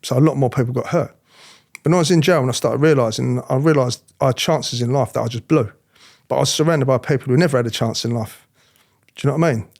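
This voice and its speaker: A middle-aged man telling his story in an interview, animated, acting out other people's voices, often restarting his sentences. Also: mid-range voice, quick pace, vocal fry. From England. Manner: animated, acts out quoted voices, frequent restarts. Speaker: interviewee, former police officer.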